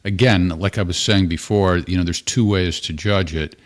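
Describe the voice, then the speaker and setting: Male host, very low voice, loose rambling talk. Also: fairly even intonation, moderate pace. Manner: rambling, conversational. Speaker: podcast host. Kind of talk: casual chat.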